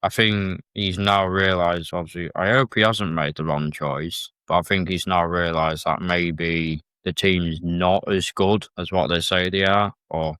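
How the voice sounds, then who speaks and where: A man's voice: low-pitched, fairly even intonation, a little slow, hardly any pauses, a bit bright, clear, resonant tone, no echo. A man talking as a guest on a casual podcast, plain-spoken and a little hesitant. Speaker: guest presenter.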